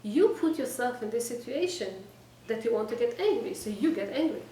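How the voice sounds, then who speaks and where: A woman teaching a weekly class to a small group, direct and exhorting, often checking in with her listeners and trading quick replies with them. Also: fairly high pitch, lively intonation, dark tone. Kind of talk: informal lecture to a small group. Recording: echoey room, distant mic, faint background noise.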